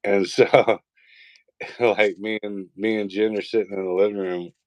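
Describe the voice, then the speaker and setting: Laid-back lower voice guy, dad telling kid stories, swears casual, dry sound. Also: level tone, unhurried, darkish tone, no room sound. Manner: easygoing storyteller, swears casually. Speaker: co-host. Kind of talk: casual chat.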